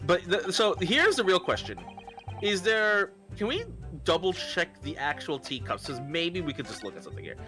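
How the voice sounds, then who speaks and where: A man's voice: sits high, lively intonation, moderate pace, over music. A man casually playing and talking through a courtroom game with a co-player, crude and joking. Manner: crude and joking, swears often. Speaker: streamer.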